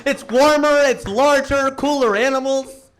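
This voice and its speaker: An American man doing a stand-up set, telling stories with animated, punchy delivery and big emphatic swings. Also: very high-pitched, measured pace, slight background noise. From United States. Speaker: stand-up comedian.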